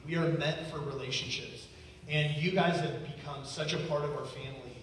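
A man's voice: a little high, steady tone, normal speed, a little hiss or hum. A man giving a heartfelt, grateful testimony to a church congregation, talking earnestly with a chuckle here and there. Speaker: guest speaker thanking a church. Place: large church hall. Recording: echoey church hall from far off.

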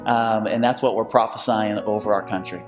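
A pastor giving an energetic, excited sermon. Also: male voice, fairly low pitch, brisk, over music.

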